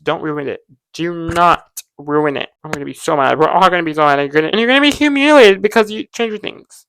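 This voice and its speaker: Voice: mid-range voice, vocal fry, fairly bright tone, no room sound. Gushing, rambling pop-culture podcast host. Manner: gushing, rambling, heavy use of "like". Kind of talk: casual pop-culture chat.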